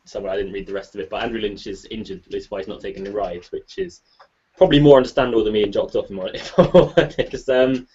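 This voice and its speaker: A man's voice: lowish voice, mellow, a little hiss or hum. A man hosting a casual chat, reading out listener questions with jokey asides. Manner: chatty, jokey, quick asides. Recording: muffled lo-fi recording.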